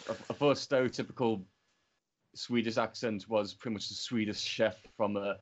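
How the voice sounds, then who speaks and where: A man's voice: lowish voice, steady tone, normal speed, a little hiss or hum. Joking man on a muffled line. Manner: self-deprecating, joking. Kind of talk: casual chat. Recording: dull lo-fi line.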